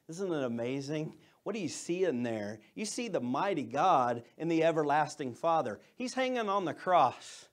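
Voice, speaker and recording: High-voiced, animated male pastor preaching. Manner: animated preaching, swings from loud to soft. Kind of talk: sermon. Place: church.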